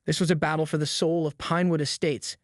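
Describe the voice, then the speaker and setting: A man's voice: a little high, level tone, fast talker, no echo, studio quality. A man narrating a dramatic scripted story about a neighborhood dispute.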